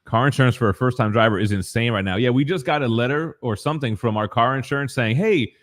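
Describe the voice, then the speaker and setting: A man in his forties chats on a live stream from his basement. He's slangy and hype, drops swears and shouts out chat names as he reads them. His voice sits at an ordinary middle pitch. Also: fast. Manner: reads chat messages aloud. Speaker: co-host of a collectibles morning show. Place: home basement.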